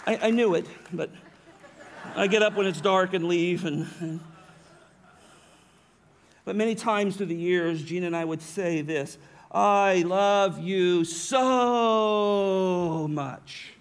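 A high-pitched man, middle-aged, preaches from the pulpit in an earnest tone. He explains scripture with steady conviction, often stopping to correct himself and restart a phrase. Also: a little slow, pauses often. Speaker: pastor. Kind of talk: sermon.

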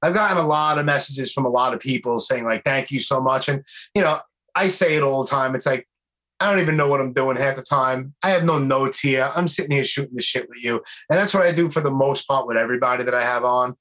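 A man's voice: mid-range voice, quick pace, a bit bright. A man with a Brooklyn accent hosting a podcast, chatting loosely, swearing casually and going off on tangents. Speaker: podcast host. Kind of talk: casual chat.

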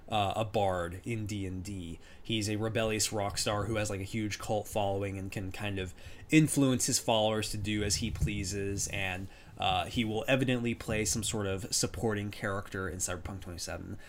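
A man's voice: on the low side, normal speed, slight background noise. A man chatting casually as a podcast co-host, rambling with lots of fillers and restarts. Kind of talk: casual chat.

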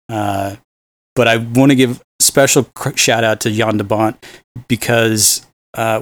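A man co-hosting a podcast, chatting casually and enthusiastically about a film, rambling with fillers. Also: on the low side. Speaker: podcast co-host. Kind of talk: casual movie discussion.

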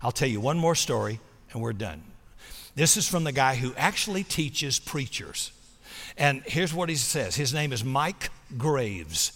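A man preaching a sermon, telling a story with big swings between loud, acted-out moments and soft, hushed appeals. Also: medium pitch, sing-song, unhurried. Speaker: pastor. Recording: long hall reverb.

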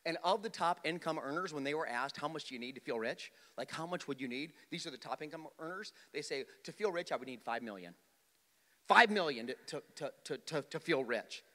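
A male pastor preaching a sermon, swinging from loud, emphatic points to quiet storytelling, often repeating words and speaking straight to the congregation. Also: fairly high pitch, lively intonation, fairly quick. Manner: repeats words, restarts, addresses the congregation directly. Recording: long hall reverb.

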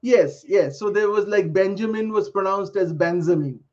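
A middle-aged man, a podcast panel guest who talks in a measured, reflective way and lays out his points one by one. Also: high-pitched, darkish tone. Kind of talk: casual panel chat. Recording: dull lo-fi sound.

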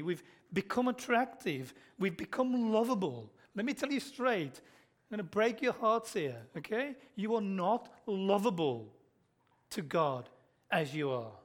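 Earnest Black Country preacher, high voice. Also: male voice. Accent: Black Country English. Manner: earnest, direct, addresses listeners as Christian, drops to soft intense tones. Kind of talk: sermon.

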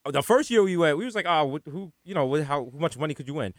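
A man's voice: a little high, expressive, fast talker, dry recording, studio quality. A man with a New York accent from the Bronx, telling a rambling funny story in casual chat, full of slang and swearing. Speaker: podcast co-host.

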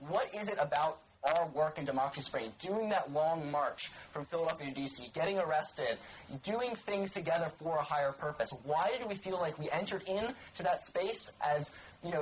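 A man's voice: on the high side, brisk, a little hiss or hum, low-quality recording. Earnest young man giving a talk. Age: young adult. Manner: earnest, repeats frankly and you know, stumbles. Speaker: organizer and co-author at a talk. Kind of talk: public talk.

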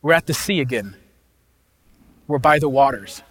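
A pastor delivering an impassioned sermon in a folksy, casual way, swinging from loud emphasis to hushed quiet. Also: male voice, medium pitch, animated, moderate pace.

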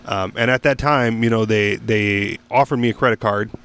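A man with a fairly low voice talks through a long story in a relaxed podcast chat. He stops and restarts often, fills gaps with "um" and "like," and swears casually along the way. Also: normal speed, a little hiss or hum. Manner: rambling storyteller with many restarts and fillers. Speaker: podcast host.

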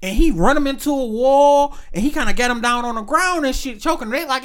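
A man talks in a relaxed, casual chat. He speaks bluntly and with emphasis. He tells stories and quotes the people in them as he talks. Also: very high voice, normal speed.

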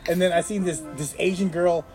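A man's voice: high voice, steady tone, fairly quick, darkish tone, soft background music. A man from the Bay Area chatting casually with friends, using laid-back slang and laughing. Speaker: friend in group chat. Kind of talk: casual chat.

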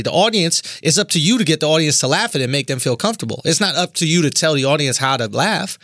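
Comic host, man, a bit high, dry close mic, keeps checking "right?". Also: expressive, fast talker, fairly bright tone, dry recording. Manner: persuasive, arguing his point with "right?". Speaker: comedian and podcast host. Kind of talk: casual chat.

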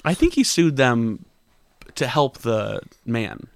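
A young man hosting a crude comedy podcast, talking deadpan and mock-serious into a close mic. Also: mid-range voice, slow, creaky, no echo. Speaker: podcast host.

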